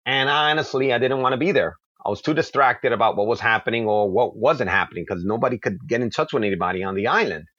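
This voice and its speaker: A man's voice: mid-range voice, lively intonation, fairly bright tone, no echo, highs cut off. Passionate man telling a story. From New York. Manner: passionate, quick-flowing, with acted asides. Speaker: comic book creator, guest. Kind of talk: animated storytelling in an interview.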